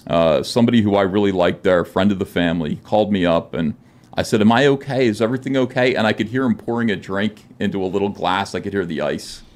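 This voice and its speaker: A middle-aged man with a fairly low voice tells his story as a podcast interview guest. He rambles and fills gaps with "uh," and he plays out the lines of others in his own voice. The sound is a close studio microphone. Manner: rambling, frequent "uh" fillers, acts out quoted dialogue. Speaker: guest comic artist.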